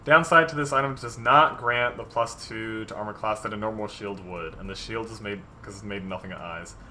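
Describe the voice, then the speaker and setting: A man's voice: on the low side, brisk, sharp tone, a little hiss or hum. A man designing tabletop game monsters on a livestream, chatting casually with many fillers and reading viewer ideas aloud. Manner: rambling, many ums, reads viewer submissions aloud. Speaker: dungeon master streamer.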